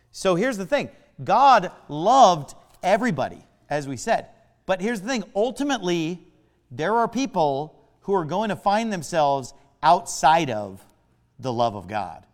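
A male pastor delivers a sermon in a high, animated voice that jumps up and down as he stresses words, moving a little slowly. He stretches out key phrases and hammers his points with sharp shifts in pitch and volume. A long hall reverb trails behind every line.

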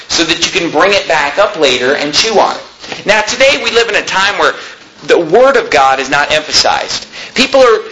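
Emphatic bright-voiced male preacher. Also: on the high side, a little hiss or hum, rough recording. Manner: emphatic preaching, slowing on key phrases. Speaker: pastor. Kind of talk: sermon.

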